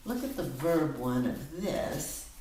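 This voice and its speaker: A woman's voice: sits low, expressive, takes it slowly, mellow, slight background noise. A woman tutoring reading and spelling one-on-one, patiently explaining step by step. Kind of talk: one-on-one phonics lesson. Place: room with a whiteboard. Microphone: laptop camera on a table. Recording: very echoey room, from far off.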